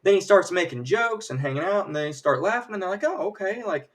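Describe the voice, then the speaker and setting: A man's voice: high voice, expressive, quick pace, distant mic. Rambling man recapping a show. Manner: rambling, full of fillers and acted quotes. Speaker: livestream host. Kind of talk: casual episode recap chat. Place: home livestream setup.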